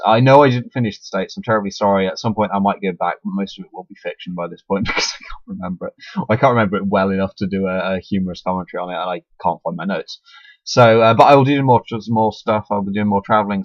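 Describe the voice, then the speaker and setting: A man's voice: fairly low pitch, no room sound. Young man, hiccups, rambling self-deprecating chat, dry lo-fi webcam sound. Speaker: YouTuber. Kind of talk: casual webcam monologue. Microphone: webcam mic. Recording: dull lo-fi webcam audio, dry.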